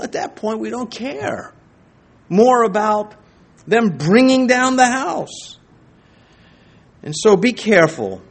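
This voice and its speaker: A male pastor preaching a sermon in an animated way, acting out quoted voices and laughing between points. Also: high-pitched.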